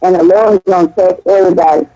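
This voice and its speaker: A woman's voice: lowish voice, flat delivery, quick pace, dark tone. A woman earnestly recounting her dreams in casual, rambling speech full of restarts. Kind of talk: casual spoken testimony. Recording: dull lo-fi audio.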